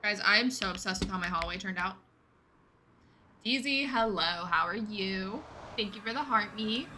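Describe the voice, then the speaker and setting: A woman's voice: medium pitch, normal speed, sharp tone, a little hiss or hum. A woman streaming a game, chatting casually and answering her chat as she plays. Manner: chatty, reads and answers chat while playing. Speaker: gaming streamer.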